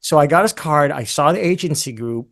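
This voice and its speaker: A man, a guest musician, telling a long story in an interview in a casual, animated way with many fillers and asides. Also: a little high, fairly quick, gravelly.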